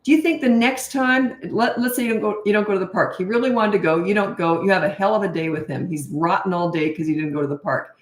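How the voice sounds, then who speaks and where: A woman's voice: medium pitch, quick pace. An older woman, a parenting coach, giving blunt, direct advice in a live-stream Q&A. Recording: echoey room.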